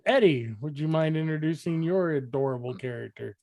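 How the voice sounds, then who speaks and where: A man running a tabletop game as game master, halting with many fillers and easily amused. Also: on the high side, a little mellow.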